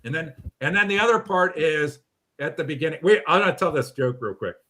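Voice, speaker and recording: Blunt, animated man hosting a call. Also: fairly high pitch, a little fast. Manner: blunt, animated, mildly profane. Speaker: host of a local politics livestream. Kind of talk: casual online discussion.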